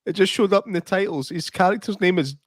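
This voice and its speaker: A man's voice: high-pitched, fast, dry recording, clean studio sound. A man with a Scottish accent, co-hosting a casual watch-along podcast and telling jokey stories that he laughs at himself. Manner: jokey storyteller, laughs at his own tales. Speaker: podcast co-host.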